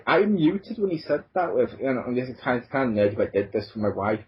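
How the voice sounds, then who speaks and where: A man's voice: medium pitch, very animated, fast, slightly rough. A man co-hosting a casual podcast chat, joking around and slipping into mock voices. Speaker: podcast co-host. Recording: dull lo-fi podcast audio.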